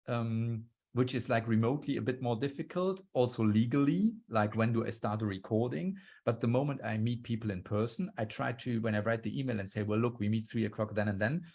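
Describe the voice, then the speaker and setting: Gravelly-voiced man explaining storytelling craft. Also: mid-range voice, a little mellow. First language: German. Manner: explanatory, acts out quoted lines. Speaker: guest speaker on storytelling. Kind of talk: conference talk over video call. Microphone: video call.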